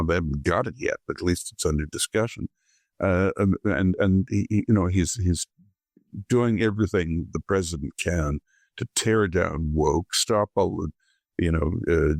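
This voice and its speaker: A man speaking as a guest author in an interview, giving measured political commentary with frequent restarts. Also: deep voice, a little mellow, no echo, clean studio sound.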